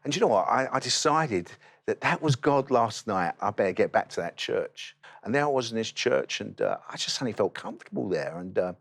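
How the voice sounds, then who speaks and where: A man, a guest in an interview, telling his testimony as a lively storyteller who acts out the dialogue. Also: fairly low pitch, fairly quick, gravelly.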